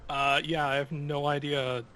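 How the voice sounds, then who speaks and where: A man's voice: on the high side, little pitch movement, measured pace, over music. A man co-hosting a game stream who chats casually in a dry, laid-back way. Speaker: co-host.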